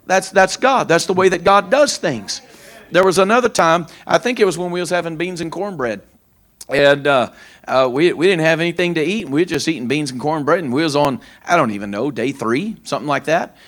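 A middle-aged pastor delivering a sermon in a slightly high-pitched voice. He tells plain, homespun stories, circling back over his own phrases with loose, informal grammar. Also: fairly quick, fairly bright tone. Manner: folksy storytelling, repeats phrases.

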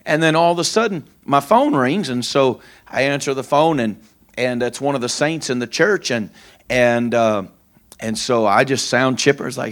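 A man's voice: medium pitch, normal speed, fairly bright tone. A middle-aged man preaching a sermon as pastor, telling homespun stories with a folksy, repetitive manner and informal grammar. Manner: folksy storytelling, repeats phrases.

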